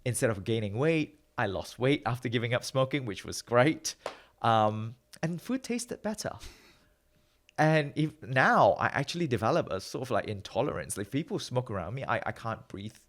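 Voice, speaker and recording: A man's voice: medium pitch, animated, normal speed, fairly bright tone. A man speaking as a guest researcher in a casual interview, open and reflective, laughing easily. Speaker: podcast guest, metabolic researcher.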